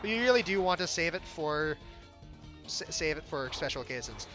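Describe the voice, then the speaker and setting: Young guy talking thru his own game, high and animated, kinda self-deprecating, game music faint in the back. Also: a little fast. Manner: casual, self-deprecating, frequent restarts. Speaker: game developer giving commentary. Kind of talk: gameplay commentary.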